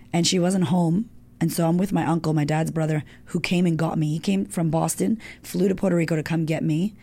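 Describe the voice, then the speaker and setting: Middle-aged woman guest, low-pitched gravelly voice, candid and swearing, emotional storytelling. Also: dark tone. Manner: frank and emotional, swears freely.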